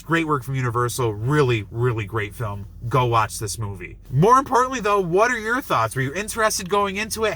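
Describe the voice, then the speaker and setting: A young man reviewing a film, retelling the plot in an excited, rambling way full of "like" and acting out lines. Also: a little high. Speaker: movie reviewer. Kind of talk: enthusiastic movie review.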